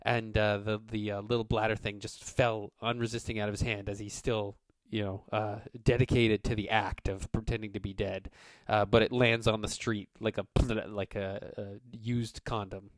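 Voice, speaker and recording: A man's voice: on the low side, normal speed, hardly any pauses, no echo, studio quality. A man running a tabletop game as game master, narrating in a loose, rambling way with plenty of fillers. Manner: relaxed and rambling, many fillers.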